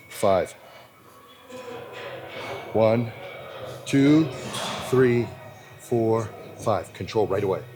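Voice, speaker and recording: A man's voice: medium pitch, a little mellow. A man working as a personal trainer, calling out terse commands and counting reps aloud. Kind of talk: gym coaching. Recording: background music.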